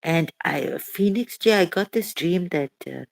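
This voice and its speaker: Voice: mid-range voice, expressive, unhurried, gravelly. A channel host talking emotionally and hesitantly in a casual livestream chat.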